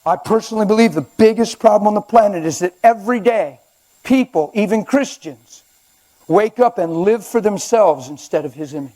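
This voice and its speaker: An older man preaching a sermon in a church, conversational and animated with sudden loud outbursts. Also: high-pitched, moderate pace.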